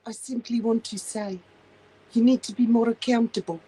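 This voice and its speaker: A woman's voice: a little high, steady tone, moderate pace, dark tone, husky, low-quality recording. A woman putting on a prim preachy scold. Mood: mock-stern.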